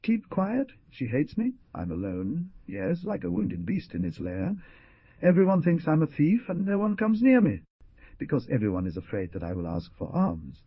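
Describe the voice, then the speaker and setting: A rebellious young man on his sickbed, bitter and despairing, as a male narrator puts him on. His voice is pitched up from the reader's own and rises and falls a lot, with a husky grain. The sound is dry and dull. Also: huge pitch swings, normal speed, no echo, exaggerated voice.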